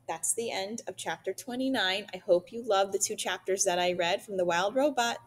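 A woman reading a children's novel aloud, narrating steadily and clearly. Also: medium pitch, normal speed, hardly any pauses. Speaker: reader.

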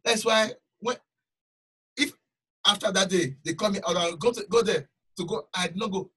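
Male preacher, raspy bright voice, emphatic repetition, recorded from a distance. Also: high-pitched, normal speed. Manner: emphatic, repeats phrases for stress. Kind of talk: sermon with personal testimony.

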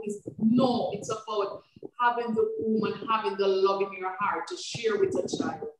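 This is a woman, talking with repetitive, faith-filled passion on a video call. Her voice sits a bit high and comes from far off the mic. The room is echoey and there is clear noise behind her. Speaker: foster care director and foster mother. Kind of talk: heartfelt testimony on a webinar. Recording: echoey, distant from mic, noisy.

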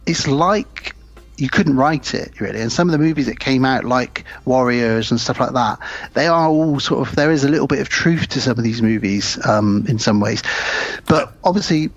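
A man's voice: mid-range voice, normal speed, no room sound, faint music behind. Male podcast co-host, casual loose chat, slightly dull sound. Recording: slightly muffled audio.

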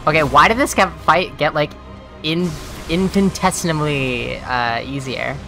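A woman's voice: low-pitched, moderate pace. A woman streamer swearing and commenting on her own play, talking to viewers and shrieking when she dies. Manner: profane, exasperated, talks to viewers; shouts and shrieks when dying. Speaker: streamer playing a video game. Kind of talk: gaming commentary. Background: game music.

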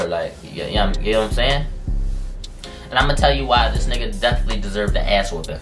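A man's voice: on the low side, lively intonation. Man telling a profane story over music. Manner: slangy, profane, drawn-out phrasing with many fillers. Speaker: storytime vlogger. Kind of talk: casual storytelling. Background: music in the background.

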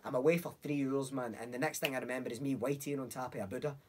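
A young man with a Glasgow accent, telling a story in a casual chat, animated, acting out voices and swearing freely. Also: mid-range voice, fast, slight background noise. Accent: Scottish, Glasgow. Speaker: podcast guest.

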